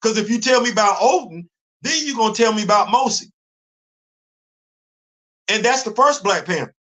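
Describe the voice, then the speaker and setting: Animated high-voiced male stream host. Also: moderate pace. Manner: animated, rhetorical questioning, repeats himself. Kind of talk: live stream commentary.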